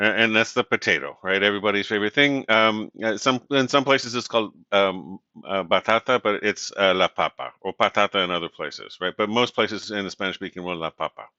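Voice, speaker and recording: A man teaching a university Spanish class in a relaxed, conversational way, often checking in with "right?". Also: fairly low pitch, brisk, hardly any pauses, no room sound. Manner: relaxed and conversational, many fillers and "right?" tag questions. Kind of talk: recorded lecture. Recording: dull, dry lo-fi audio.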